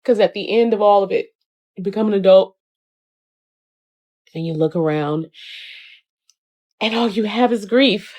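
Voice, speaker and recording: A woman's voice: mid-range voice, a little slow, long pauses, darkish tone. A woman in her forties giving an intense, emotional monologue that builds in force.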